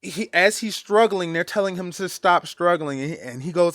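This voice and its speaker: A man giving personal commentary as a vlogger, earnest and emotional, halting and repeating phrases for emphasis. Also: high-pitched, fairly bright tone, dry recording, studio quality.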